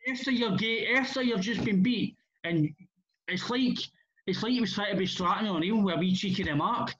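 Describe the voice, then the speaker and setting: A man's voice: high voice, normal speed, fairly bright tone. A Scottish man in casual football chat, blunt and rambling, swearing freely with many restarts. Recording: muffled lo-fi audio.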